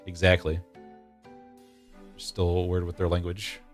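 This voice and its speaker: A man in his thirties with a fairly low voice chats loosely with his viewers during a game stream. He laughs easily and restarts his sentences as he thinks aloud. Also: lively intonation, slow, faint music behind. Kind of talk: casual gameplay chat with viewers.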